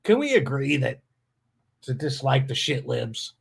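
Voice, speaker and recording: Male stream host, mid-pitched, blunt sarcastic reactions. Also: sing-song, measured pace, vocal fry, background noise. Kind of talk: casual livestream commentary.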